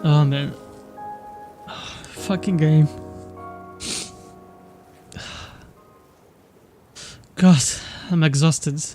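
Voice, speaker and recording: Slow-talking man swearing through a game. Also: fairly high pitch, fairly even intonation, music in the background. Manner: swears a lot, emotional, reads game dialogue aloud. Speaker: let's play gamer. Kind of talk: gaming commentary.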